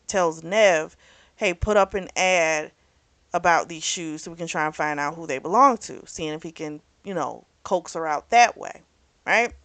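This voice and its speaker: Woman, book club host, lowish pitch, close dry mic, loose rambling recap full of filler words. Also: dry recording. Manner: chatty, rambling, full of "like" and "you know"; self-correcting, loses track of names.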